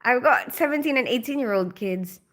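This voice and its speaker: A woman's voice: fairly high pitch, lively intonation, moderate pace, a bit bright. A woman in her forties who grew up in the Philippines, hosting a casual livestream and chatting with viewers, often laughing. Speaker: livestream host. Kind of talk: casual livestream chat reading comments.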